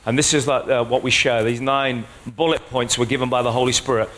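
A man's voice: medium pitch, fairly even intonation, brisk, fairly bright tone. A man preaching a sermon in a conversational way, often checking in with the congregation.

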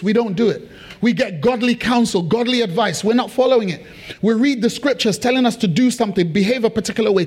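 A man's voice: high-pitched, darkish tone. A man preaching a sermon, emphatic and repetitive, who keeps turning to the congregation with questions. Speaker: pastor.

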